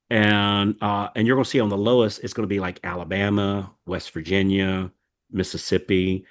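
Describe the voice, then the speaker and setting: Folksy low-voiced American man. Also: level tone, moderate pace. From United States. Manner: rambling, folksy, many fillers and restarts. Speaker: podcast host. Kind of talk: casual podcast chat.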